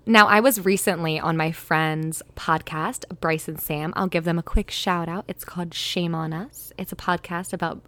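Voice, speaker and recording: A woman's voice: fairly low pitch, steady tone, moderate pace, hardly any pauses, a bit bright, no echo. Giggly young woman hosting a podcast. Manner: chatty and giggly, with bursts of laughter and playful asides. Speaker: podcast host. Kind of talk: casual storytelling monologue.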